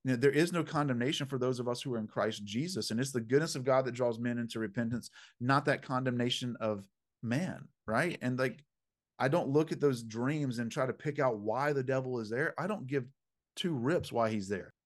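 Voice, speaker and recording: Animated storytelling man, mid-pitched. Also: fairly quick. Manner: animated, emphatic, punchy slang; preacherly, faith-filled phrasing. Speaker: guest, dream interpreter. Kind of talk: conversational storytelling.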